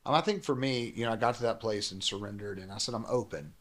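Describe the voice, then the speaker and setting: A man, a pastor and guest, telling a personal story quickly and acting out the dialogue he quotes. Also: fairly low pitch, fairly bright tone.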